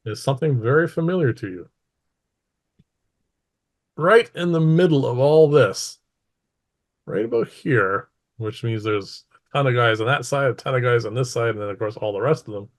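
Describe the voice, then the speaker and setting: A man's voice: medium pitch, brisk, hardly any pauses. A man narrating casually as game master of a tabletop game.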